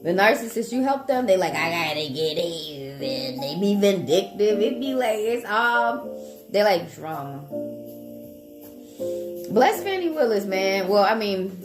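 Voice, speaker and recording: A woman, a live tarot reader chatting casually with viewers in a blunt, profane, animated way. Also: medium pitch, a little slow. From Atlanta, Georgia, US South. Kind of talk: casual livestream chat with viewers. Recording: echoey room with background music.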